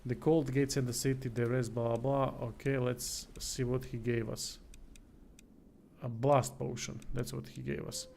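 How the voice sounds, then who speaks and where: A man's voice: mid-range voice, level tone, unhurried, creaky, a little mellow, a little hiss or hum. A tired man streaming, casually reading a text game aloud, swearing now and then and stumbling over words. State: tired, yawning.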